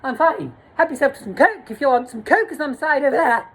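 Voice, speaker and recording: Giddy middle-aged man, high as a kite, squealing and fussing, as put on by a woman in a storytime vlog. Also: expressive, brisk. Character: giggly high-voiced man in his late forties, high on drugs.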